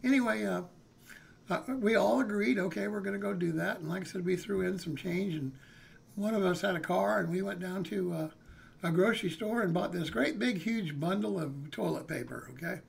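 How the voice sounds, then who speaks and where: Gravelly, rambling male storyteller. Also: high voice, normal speed. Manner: rambling, with many fillers and "okay?" checks. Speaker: streamer telling a story. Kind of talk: casual storytelling.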